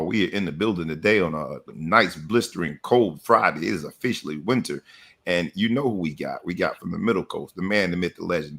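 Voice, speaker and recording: A man with a low yet bright, punchy voice hosts a sports talk podcast. He talks with rhythmic, hyped-up energy. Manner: energetic, rhythmic hype delivery. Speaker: podcast host.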